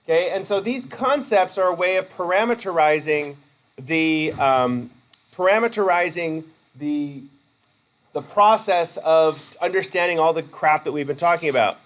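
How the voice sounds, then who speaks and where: This college instructor's voice is on the high side, and he speaks unhurriedly in a rambling, conversational lecture. He frequently interrupts himself partway through sentences, and the recording sounds rough.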